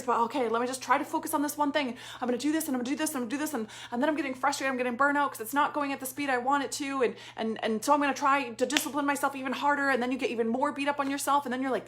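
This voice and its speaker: A middle-aged woman coach, telling her own story in a casual, animated way with quick acted-out asides. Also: high-pitched. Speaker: business coach. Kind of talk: casual motivational talk.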